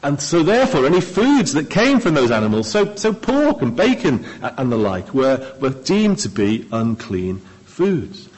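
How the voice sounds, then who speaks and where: A man preaching a sermon, expressive, with dramatic pauses and key words trailing off low. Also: husky, low-quality recording.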